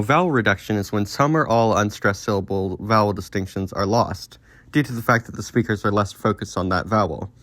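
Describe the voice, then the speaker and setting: Man, lowish voice, scripted explainer narration, steady and informative, dry close mic. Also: dry recording. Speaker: educational video creator.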